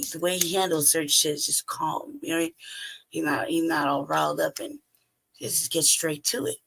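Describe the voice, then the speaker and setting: A man's voice: on the high side, gravelly, a bit bright, slightly rough. A man hosting a podcast, telling stories in a blunt, profane, casual way and laughing often between phrases. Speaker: podcast host. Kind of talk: casual storytelling monologue.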